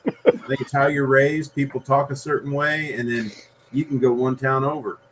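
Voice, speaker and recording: A man's voice: medium pitch, fairly even intonation, normal speed, a bit bright, a little hiss or hum, low-quality recording. A man hosting a casual podcast chat, joking and teasing his guests.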